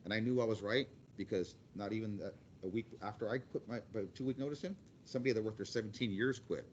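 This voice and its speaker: Blunt, quick-talking construction manager in his forties, guest speaker, lo-fi sound. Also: on the low side, darkish tone, slight background noise. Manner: rambling, blunt, quick with repeated restarts. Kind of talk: casual storytelling to a class.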